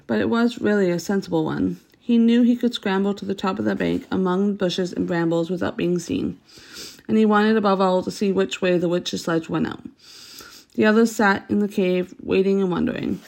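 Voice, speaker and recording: A woman's voice: medium pitch, steady tone, moderate pace, gravelly, darkish tone. A woman reading a children's story aloud, unpolished, with stumbles and self-corrections.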